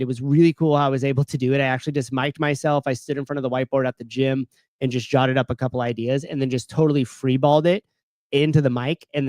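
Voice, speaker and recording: A man's voice: medium pitch, darkish tone, clear, resonant tone, dry recording. A man co-hosting a podcast, chatting casually and rambling with lots of fillers and the odd swear word. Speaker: podcast co-host. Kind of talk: casual livestream chat.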